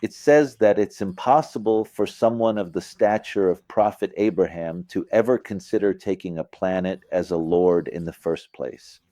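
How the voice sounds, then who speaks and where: A middle-aged man gives an informal religious lesson in a low, warm voice at normal speed, barely pausing, with no echo. He keeps it conversational, asking listeners "you get it?" and acting out phrasings with vocal emphasis.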